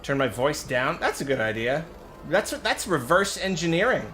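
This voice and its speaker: A man streaming live fumbles with his audio on a desk microphone, apologizing in a flustered, casual way and laughing at himself. His high-leaning voice is very animated and fairly bright, at normal speed, while faint awards-show music drifts from a TV.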